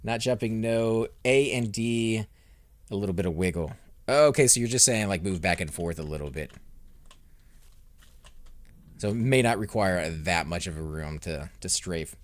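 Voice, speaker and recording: A young man hosting a let's play, commentating his fights and chatting with viewers, growing loud and excited during combat. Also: sits low, moderate pace. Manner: excitable, reacts loudly to in-game fights, talks to chat. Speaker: gaming channel host.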